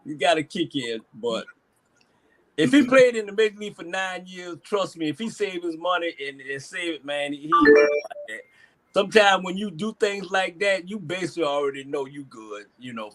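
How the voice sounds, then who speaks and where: A man's voice: on the high side, a bit bright. A man and former coach telling a story on a video-call sports panel, laughing often and peppering his speech with "man" and "hey".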